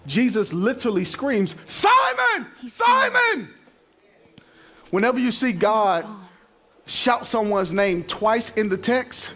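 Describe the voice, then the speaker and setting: A middle-aged male pastor preaching a sermon to a church congregation, using call-and-response and building up to shouting. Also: sits high. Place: church sanctuary.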